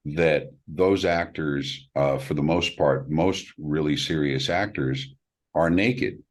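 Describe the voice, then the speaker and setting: A middle-aged man with a very deep, husky voice talks through his stories in a relaxed interview. He grows animated when retelling conversations. He performs the people he quotes. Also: slow. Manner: animated, acts out quoted voices with big pitch jumps, laughs. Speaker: film director. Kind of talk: casual interview storytelling.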